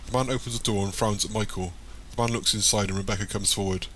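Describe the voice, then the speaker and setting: A man reading an audiobook chapter in plain, even scripted narration. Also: fairly low pitch, quick pace, a little hiss or hum.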